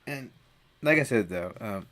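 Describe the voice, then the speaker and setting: A man's voice: lowish voice, expressive, unhurried, a bit bright. A man hosting a casual podcast chat, chatty and stammering, laughing easily. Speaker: podcast host.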